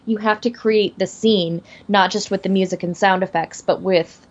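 A woman's voice: medium pitch, fairly even intonation, moderate pace, highs cut off. A young woman, a voice actor, talking casually in a podcast chat with lots of fillers and restarts. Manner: chatty, many fillers and restarts. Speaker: voice actor guest.

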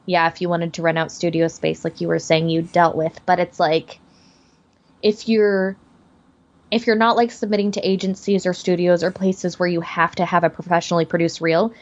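A woman's voice: on the low side, darkish tone. Chatty young woman on a lo-fi call. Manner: chatty, many fillers and restarts. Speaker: voice actor guest. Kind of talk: casual podcast chat.

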